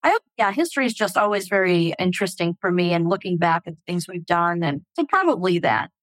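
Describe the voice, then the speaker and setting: An older woman from England, a hospital technology executive, talking in a casual interview with animated, storytelling delivery. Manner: animated, expressive storytelling with quick pitch jumps. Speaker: hospital chief information officer, guest.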